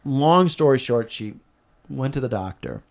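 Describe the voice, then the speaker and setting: Earnest man telling an animated story. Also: mid-range voice, unhurried, vocal fry. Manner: earnest, animated retelling with frequent restarts. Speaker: interview guest. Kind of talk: conversational storytelling.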